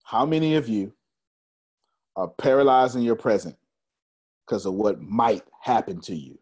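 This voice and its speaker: A man's voice: on the low side, measured pace, slightly rough. A man giving a motivational talk, telling a story with laughs and speaking straight to his audience. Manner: animated, laughing storyteller addressing the crowd.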